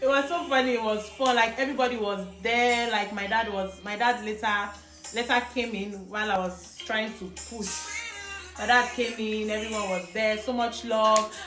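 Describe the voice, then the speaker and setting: A Nigerian woman telling a personal story in casual, animated talk, laughing often and mixing in pidgin. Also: a little high, normal speed. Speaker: vlogger. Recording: echoey room with music behind.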